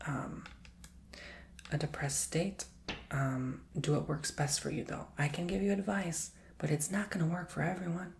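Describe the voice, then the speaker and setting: Man, ASMR tarot reader, soft and whispered, gravelly, even-toned, encouraging. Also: a little high, slight background noise. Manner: gentle, encouraging, repeating affirmations.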